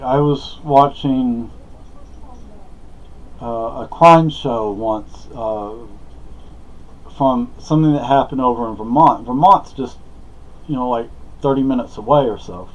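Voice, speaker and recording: A man's voice: medium pitch, muffled recording. A man talking casually to camera in a rambling, hesitant way, full of fillers and restarts. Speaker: vlogger.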